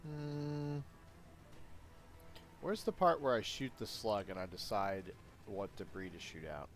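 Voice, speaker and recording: A man live-streaming his game programming, chatting casually and talking to himself, with sudden excited outbursts. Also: fairly low pitch, slow, soft background music. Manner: rambling, self-talk with sudden excited outbursts. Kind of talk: casual live-stream chat while coding.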